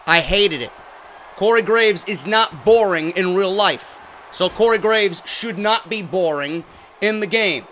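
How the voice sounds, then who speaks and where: A man's voice: high voice, fairly bright tone, slight background noise. A man hosting a game news video, ranting bluntly and profanely with strong opinions and emphatic delivery. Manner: emphatic, with fillers. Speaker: gaming video host.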